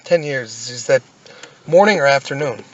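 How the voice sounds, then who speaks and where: A man's voice: medium pitch, animated, normal speed, lightly acted. A man playing a hopeful young Soviet man in an earnest, plain voice. The recording sounds dull and lo-fi.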